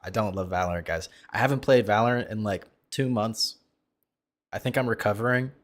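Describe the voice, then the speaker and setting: A man commenting on a video during a live stream, brash and profane, mocking the creator and breaking into sudden loud outbursts. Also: on the low side, a little fast.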